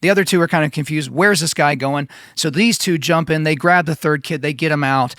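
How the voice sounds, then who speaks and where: A man's voice: fairly high pitch, quick pace, a bit bright, no room sound, clean studio sound. A man in his thirties hosting a solo podcast, talking conversationally and emphatically, often repeating himself. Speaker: podcast host.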